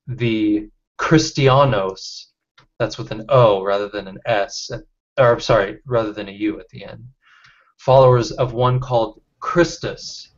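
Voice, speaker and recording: A man leading a casual online study group, reading out chat comments and talking with halting restarts over a video call. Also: medium pitch. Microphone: computer mic on video call. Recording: dull lo-fi call audio.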